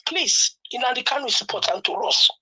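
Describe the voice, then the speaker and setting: A woman calls in to a live talk show, upset and heated. Her voice sits high and bright, with a husky edge. She pleads and repeats herself as she presses her point. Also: animated, brisk, low-quality recording. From southern Nigeria. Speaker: caller. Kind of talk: impassioned call-in.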